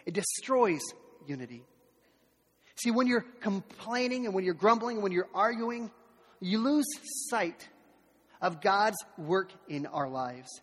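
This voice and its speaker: A man preaching a sermon with a high, slightly husky voice. He speaks animatedly and mimics the grumblers he describes. The sound carries a long reverb from a church hall. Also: unhurried. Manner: animated, acts out complainers' voices. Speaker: pastor.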